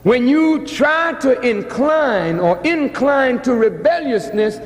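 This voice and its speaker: A man preaching a lecture in a slow, dramatic cadence, with a voice that sits unusually high for a man. His words carry a long reverb from a large hall. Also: lively intonation. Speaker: activist lecturer. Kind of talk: sermon-like public lecture.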